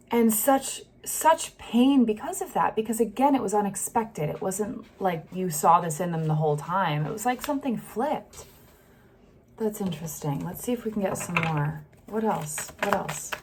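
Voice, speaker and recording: A woman reading tarot cards in a loose, chatty monologue, her voice at a middling pitch. She gets caught up in the feelings she describes, sighing and breaking off her sentences as she goes. She talks into a close microphone. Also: animated, measured pace, a little hiss or hum. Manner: emotional, acts out the feelings she reads, sighs and trails off. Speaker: tarot reader.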